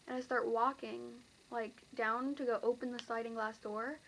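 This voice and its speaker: A woman's voice: a little high, little pitch movement, moderate pace, poor audio. A teenage girl casually recounting a dream to camera, rambling and full of fillers. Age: teens. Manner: rambling, filler-heavy, breathless retelling.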